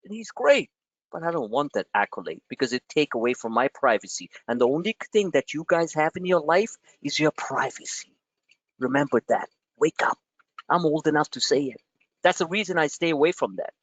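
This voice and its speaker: A man's voice: fairly high pitch, fairly quick, no room sound. A man coaching traders over a group video call, brash and blunt, his voice jumping up on emphatic points. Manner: brash, animated and blunt, with rising emphatic peaks. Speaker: trading coach. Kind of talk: live market commentary to a group call.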